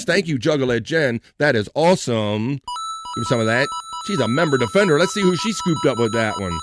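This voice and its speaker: A man's voice: medium pitch, lively intonation, a little fast, over music. A man hosting a casual livestream chat show in an upbeat, old-school radio manner, thanking viewers and reading their messages. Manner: upbeat, shout-outs to chat, radio-style. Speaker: livestream host.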